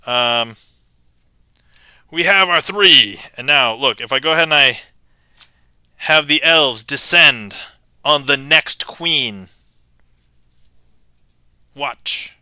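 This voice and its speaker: A man's voice: mid-range voice, takes it slowly, long pauses, pushed and bright, smooth, no room sound. A man hosting a live stream, chatting casually while he performs card tricks. He is playful, laughs often and reads viewer comments aloud. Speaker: magic livestreamer.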